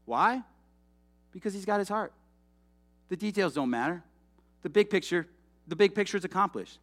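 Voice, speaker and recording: Speaking a little slowly in a high-pitched voice, a young man preaches with a loose, animated, conversational feel. Asides to the congregation come up frequently.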